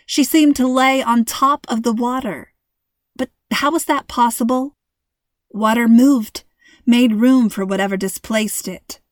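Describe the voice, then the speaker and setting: A woman host and author reading her own story aloud in an expressive, gentle storytelling manner. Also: medium pitch, no room sound. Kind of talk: scripted story narration.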